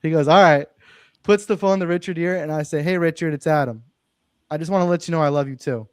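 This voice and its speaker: A man's voice: fairly high pitch, fast, a little mellow, clear, resonant tone, no echo, studio quality. A young man, a real estate investor, earnestly telling a personal story as a podcast guest. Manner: earnest, emphatic, swears it's true. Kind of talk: casual interview storytelling.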